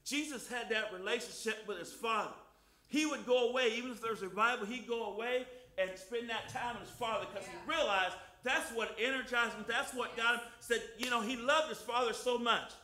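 An older man preaching a fervent sermon in church, breaking into loud hallelujahs and softening when he reads scripture. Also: very high voice, a little fast, roomy sound. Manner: fervent, shouting hallelujahs, drops soft for scripture. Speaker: guest preacher. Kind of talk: lively Easter sermon with scripture reading.

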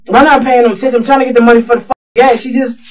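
A man's voice: very high-pitched, flat delivery, racing. A man under police interrogation, rambling and profane, mumbling at times and growing agitated at others. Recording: distant mic with faint noise.

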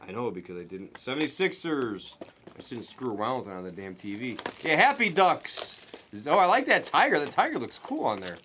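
A man hosting a card break, chatting casually and rattling off pulls with excited running commentary. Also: medium pitch, fairly quick, a little hiss or hum. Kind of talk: casual chat while opening cards.

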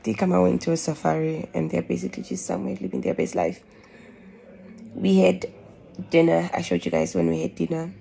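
Gravelly young Namibian woman vlogging. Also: on the low side, lively intonation, fairly quick, mellow. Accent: Namibian English. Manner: chatty, slangy, lots of "like" and "bruh". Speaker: travel vlogger. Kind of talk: casual vlog chat.

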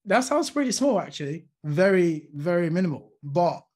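A man's voice: high voice, very animated, normal speed, a little mellow. A man from the UK hosting a podcast, chatting casually and asking questions with light hedging. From United Kingdom. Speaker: podcast host. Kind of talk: casual interview chat.

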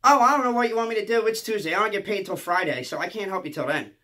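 A man's voice: sits high, racing, pushed and bright, pitched above the performer's own voice. A man voicing his mother, who brushes off his call in a raised, shrugging voice. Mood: dismissive. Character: dismissive middle-aged mother, unbothered.

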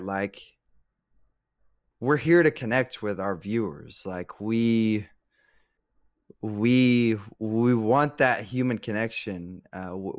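In a studio-quality recording with no room sound, a streamer with a lowish voice guests on a casual live podcast. He rambles, laughs readily and keeps starting his sentences over.

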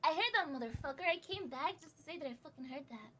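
A woman's voice: high-pitched, lively intonation, fast talker, sharp tone. A woman bantering on a game stream, teasing and swearing freely. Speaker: guest streamer. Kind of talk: casual gaming stream banter.

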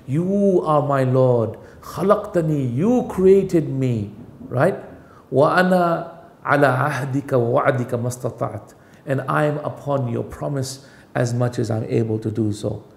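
A male preacher giving a sermon, reciting Arabic verses and explaining each line with rhetorical questions, climbing high when he stresses a point. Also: vocal fry, mellow. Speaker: Islamic preacher. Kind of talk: sermon with Quranic recitation and translation.

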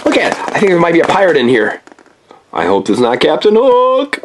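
A woman's voice: on the low side, wildly swooping pitch, brisk, a little hiss or hum. A woman hosting a playful toy unboxing for children, chatting with a child helper and throwing in pirate growls.

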